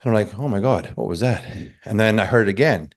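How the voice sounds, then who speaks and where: Low-voiced man telling a story. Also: quick pace. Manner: animated, acts out quotes. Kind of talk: casual storytelling.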